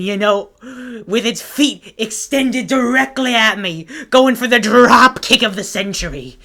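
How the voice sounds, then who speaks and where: A woman's voice: mid-range voice, a bit bright, natural voice. A woman voicing a rambling, unhinged male hot dog who stammers and keeps cutting himself off. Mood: worked up. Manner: rambling, stammering, self-interrupting. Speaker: voice actor auditioning. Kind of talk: casting call audition.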